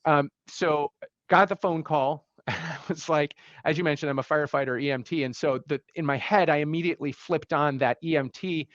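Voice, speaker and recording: Halting, emotional man with a raised voice. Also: fairly high pitch, steady tone, a bit bright, no room sound, dull audio. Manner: halting and emotional, many fillers and restarts. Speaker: podcast guest. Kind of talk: personal storytelling in a podcast interview.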